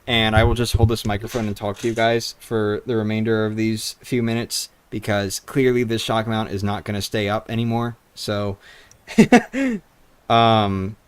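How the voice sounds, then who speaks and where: A man's voice: on the low side, measured pace, clear, resonant tone. A young man streaming live, rambling casually into a handheld microphone, swearing now and then. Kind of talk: casual livestream chat.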